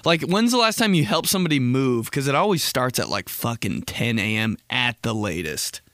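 A man's voice: mid-range voice, moderate pace, no echo, clean studio sound. A man hosting a podcast, telling stories in a casual, profane, rambling way. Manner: profane, rambling, animated storytelling. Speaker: podcast host. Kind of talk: casual comedic monologue.

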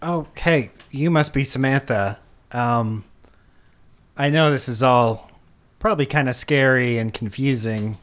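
A man's voice: medium pitch, unhurried, fairly bright tone. A man playing a tabletop game, casual and playful. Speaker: player.

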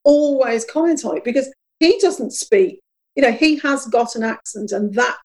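A woman's voice: on the high side, animated, normal speed, low-quality recording. A woman hosting a casual discussion, chatty and emphatic, putting questions to her guests. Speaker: podcast host.

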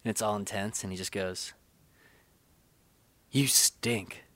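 A man co-hosting a podcast, chatting casually about a film and acting out scenes with quick impressions. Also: fairly low pitch, dry recording, clean studio sound. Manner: animated, acts out movie scenes in quick impressions. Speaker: podcast co-host.

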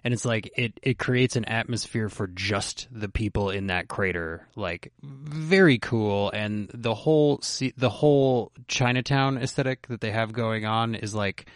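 A man's voice: on the low side, a little slow, few pauses, no room sound, clean studio sound. A man hosting a casual anime podcast, teasing his co-hosts and joking around with plenty of fillers. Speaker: podcast host.

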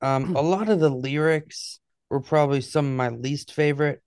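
A man's voice: a little high, normal speed, darkish tone, smooth, dry recording. A man co-hosting a podcast in casual chat, laid-back and wryly understated. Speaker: podcast co-host.

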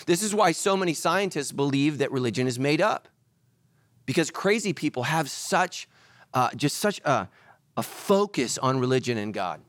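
Animated preaching man, dry sound. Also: on the high side, normal speed, no echo. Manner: animated preaching, swings between loud and hushed. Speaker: pastor. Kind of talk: sermon.

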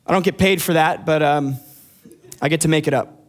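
Man, youth pastor, casual sermon, friendly asides, slightly high voice. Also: moderate pace. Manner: friendly, joking asides to the congregation.

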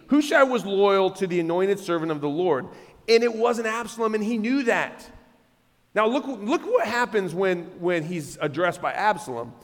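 A man's voice: sits high, sing-song, moderate pace, in a large hall. A male pastor preaching a sermon in a church, emphatic, often repeating words and restarting phrases. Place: church sanctuary.

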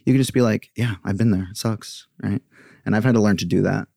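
Brief: chatty male yoga teacher, deep gravelly voice, mellow, dry close sound. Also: a little fast, no room sound. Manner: chatty, acts out quoted voices. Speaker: podcast guest, yoga teacher. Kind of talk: candid personal storytelling.

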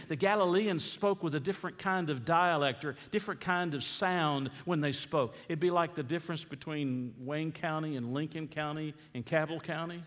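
A male pastor preaches a sermon, reading scripture and asking the listeners questions, getting loud and then dropping low and quiet. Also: normal speed, few pauses. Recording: long reverb of a church hall.

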